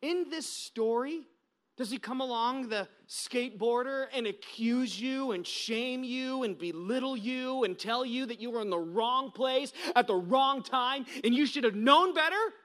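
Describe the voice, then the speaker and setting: An American man in his thirties, a pastor preaching a sermon with animated storytelling that swings between loud and hushed. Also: very high voice, unhurried.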